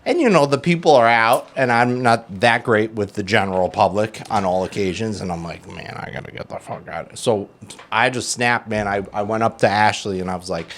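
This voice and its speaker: A man's voice: fairly low pitch, brisk, hardly any pauses. A man co-hosting a podcast, telling a casual story, swearing and acting out quotes. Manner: animated, swearing, acts out quotes. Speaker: podcast co-host. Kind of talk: casual storytelling in recovery talk.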